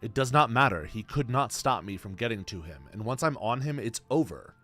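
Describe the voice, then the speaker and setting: A man in his twenties streams and answers chat with a lowish, animated voice at a moderate pace. His talk is casual, blunt and slangy, and he calls everyone bro and man.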